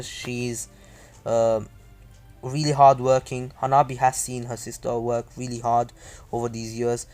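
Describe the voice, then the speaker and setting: Brief: man narrating fan fiction off the cuff, mid-range voice, faint music behind. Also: medium pitch. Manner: rambling, many "uh"s and asides. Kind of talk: casual story retelling.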